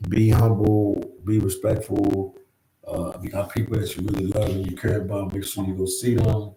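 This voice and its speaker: Casting: laid-back male livestream host, lowish voice, echoey room, chats loosely with viewers. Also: dark tone, slight background noise. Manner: easygoing, repeats phrases, says "man" often. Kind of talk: casual live chat. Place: New York.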